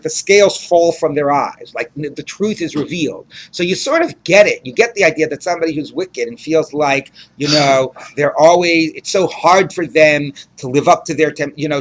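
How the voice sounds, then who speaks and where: A man's voice: fairly high pitch, fairly bright tone. A man teaching a Talmud class in a conversational way, reading Aramaic and translating it phrase by phrase with frequent restarts. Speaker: rabbi teaching daily Talmud page. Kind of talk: Talmud study lecture.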